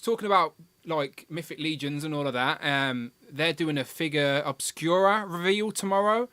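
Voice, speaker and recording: Man, livestream host, jokey, reads chat comments, bright voice, dry sound. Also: a little high, normal speed, clear, resonant tone, no room sound. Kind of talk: casual live chat reading comments.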